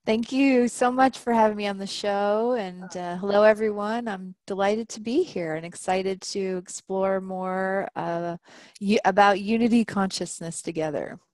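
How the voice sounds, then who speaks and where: A woman author speaks slowly and thoughtfully, pausing on fillers as she answers. Her voice sounds dry and close, with little room around it. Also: medium pitch, darkish tone, no echo. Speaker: guest author. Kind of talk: interview answers.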